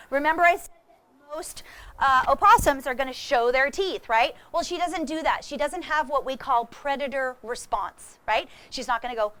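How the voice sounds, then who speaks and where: A woman giving a lively talk about wild animals to a young audience, animated and often laughing as she speaks straight to the crowd. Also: on the high side. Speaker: wildlife educator with animal ambassadors. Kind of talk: lively presentation to kids.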